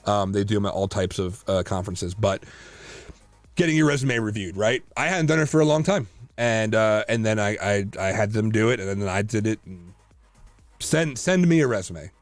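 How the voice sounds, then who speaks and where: A man co-hosting a casual podcast chat, telling lively stories full of fillers and restarts. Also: fairly low pitch, fairly quick, dry recording, faint music behind. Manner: animated storyteller, many fillers and restarts. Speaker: podcast co-host.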